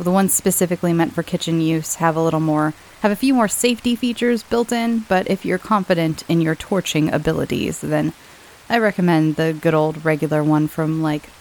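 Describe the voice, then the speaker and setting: Podcast host, woman, lowish voice, slightly hoarse from a cold, rambling and chatty with easy laughs. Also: darkish tone, slight background noise, poor audio. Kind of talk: casual chat to listeners.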